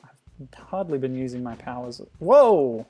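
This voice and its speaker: A man streaming a game, chatting in a relaxed, amused way and answering chat comments. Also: medium pitch, normal speed, vocal fry, faint music behind. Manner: chatty, amused, laughs often, reacts to the game. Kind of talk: casual gameplay commentary.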